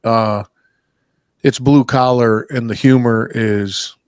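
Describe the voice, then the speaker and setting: A man hosting a podcast in casual chat, a loud, animated storyteller who swears freely. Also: mid-range voice, takes it slowly, clean tone, no room sound, clean studio sound. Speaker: podcast host.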